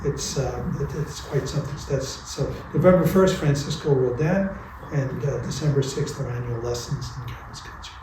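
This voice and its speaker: A man hosting a concert series, taking questions and announcing upcoming concerts in a friendly, halting way. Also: mid-range voice, mellow. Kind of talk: audience Q&A and announcements. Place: church concert hall. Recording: distant voice in a reverberant church with room noise.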